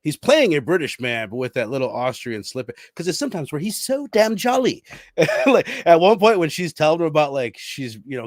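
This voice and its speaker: A man co-hosting a casual film podcast, talking in an animated way and playfully quoting lines. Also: fairly high pitch, no echo, clean studio sound. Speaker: podcast co-host.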